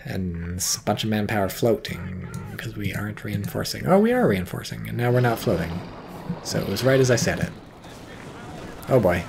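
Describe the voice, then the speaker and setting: A man giving casual, profane, excitable commentary on a strategy game match, with wry asides. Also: fairly low pitch, moderate pace, creaky, faint music behind. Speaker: game caster.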